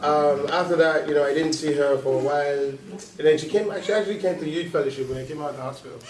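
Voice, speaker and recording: A man's voice: fairly high pitch, quick pace, crowd noise. A man telling his own story to a church audience in a chatty way, with frequent laughs and lots of "you know.". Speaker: church member giving a testimony. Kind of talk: casual storytelling before an audience. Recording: echoey hall, distant mic, audience noise.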